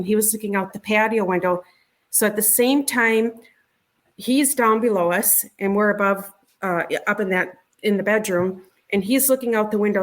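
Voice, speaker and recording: A middle-aged woman tells a personal story as an interview guest. Her voice sits in a plain, middle pitch. She talks in a halting, conversational way, repeating words and starting over as she goes. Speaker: interview guest recounting a sighting.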